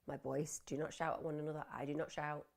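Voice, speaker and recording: Woman host, middle-aged, low gravelly voice, earnest live mental-health advice. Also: little pitch movement, fast talker. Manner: earnest, explanatory, acts out inner voices in quotes. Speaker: psychotherapist host of a live wellbeing Q&A.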